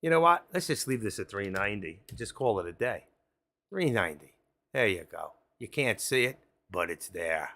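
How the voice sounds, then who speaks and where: A man giving excitable, frantic live commentary on his options trades, talking straight to viewers. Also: on the low side, moderate pace. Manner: excitable, frantic, swears mildly, talks to viewers as folks.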